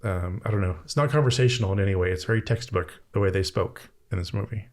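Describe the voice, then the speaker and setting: A man with a lowish voice and a quick pace co-hosts a movie podcast. In casual chat, he gripes about a film with a wry tone and a bit of swearing.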